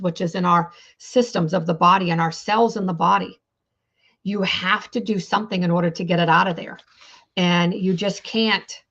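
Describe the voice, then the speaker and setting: A woman's voice: fairly low pitch, gravelly, dull audio. A woman hosting a healing talk show, speaking earnestly in a coaching tone, repeating phrases and using many fillers. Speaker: podcast host on trauma healing.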